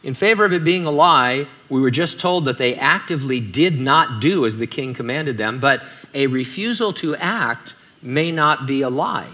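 A man's voice: medium pitch, expressive, normal speed, hardly any pauses, bright, forceful tone. A man preaching a sermon in a conversational way, with joking asides. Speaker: pastor.

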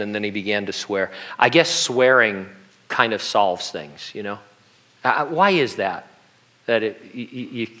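Male pastor, bright and forceful tone, chatty sermon delivery with jokes and acted quotes. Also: lowish voice. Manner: conversational preaching with humorous asides and acted-out quotes.

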